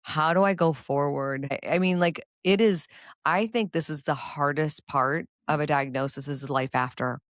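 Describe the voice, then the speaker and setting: A woman's voice: low-pitched, moderate pace, dry recording, clean studio sound. A woman guest on a podcast who talks in an earnest, encouraging way as she gives advice. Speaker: guest, cancer survivor. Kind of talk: casual interview chat.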